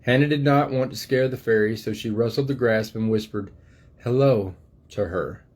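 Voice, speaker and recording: In a gentle, unhurried manner, an older man reads a storybook aloud to his grandchildren. He's a grandfather with a medium-pitched voice.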